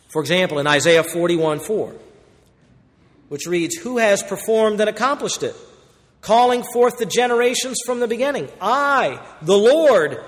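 A man preaching a sermon as pastor, emphatic, moving between loud declarations and quiet asides. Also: sits high, big-room sound.

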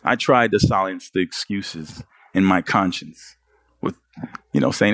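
A man's voice: low voice, normal speed, a bit bright, dry recording, clean studio sound. A man preaching a sermon as pastor, pressing the congregation with earnest rhetorical questions.

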